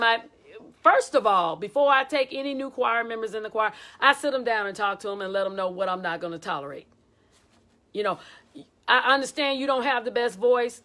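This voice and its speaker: A woman choir director giving a casual, animated teaching talk and acting out quotes as she tells stories. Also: a little high. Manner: animated storytelling with acted quotes.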